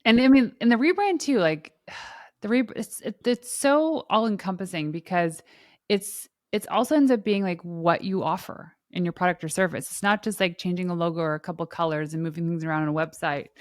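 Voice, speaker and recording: A woman hosting a podcast interview in a casual, animated way, laughing easily and using lots of fillers. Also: on the low side, a little fast, no room sound, studio quality. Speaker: podcast host.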